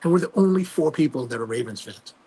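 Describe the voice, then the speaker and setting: Gravelly-voiced man telling a story. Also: on the high side, quick pace. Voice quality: gravelly, husky voice. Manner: animated storytelling with many fillers and restarts. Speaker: host. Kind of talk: casual chat on a livestream.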